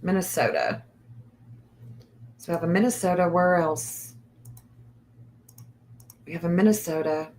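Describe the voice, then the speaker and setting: A woman hosting a casual livestream, reading an astrology chart aloud and thinking out loud in a hesitant, repetitive way. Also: lowish voice, fairly even intonation, unhurried, pauses often, a little hiss or hum.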